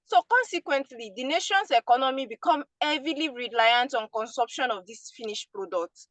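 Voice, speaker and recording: Woman from Nigeria, workshop participant, fairly high voice, dry close sound, formal questioning. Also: expressive, moderate pace, fairly bright tone, no room sound. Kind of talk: asking a prepared question.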